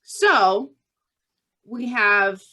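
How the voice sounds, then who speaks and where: A woman's voice: medium pitch, lively intonation, drawn-out words, pushed and bright. A woman hosting a podcast, telling a true-crime story casually and tagging her lines with "okay?". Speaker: podcast host.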